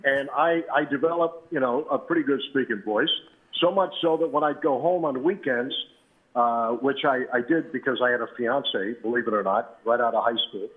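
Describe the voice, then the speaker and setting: A man in his seventies, a veteran radio announcer, relaxed and anecdotal as he tells stories as an interview guest. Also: mid-range voice, normal speed. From New Britain, Connecticut. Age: 70s. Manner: relaxed and anecdotal, with frequent "uh" and "you know". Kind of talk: reminiscing storytelling. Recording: tinny phone line.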